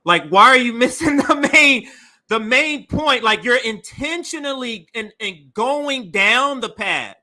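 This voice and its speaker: A man reacting to a video clip with a high, bright, sharp voice. He sounds mocking and incredulous. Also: lively intonation, a little slow. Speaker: commentary co-host.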